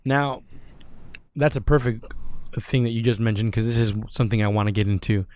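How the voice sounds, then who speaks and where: A man talking in a casual podcast conversation, thoughtful and measured, pausing to restart his phrases. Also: on the low side, darkish tone.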